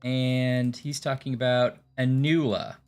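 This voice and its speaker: A man's voice: medium pitch, fairly even intonation, slow, smooth, faint music behind. A man chatting casually while playing a mystery puzzle game with a friend, thinking aloud with stammered fillers. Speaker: game streamer.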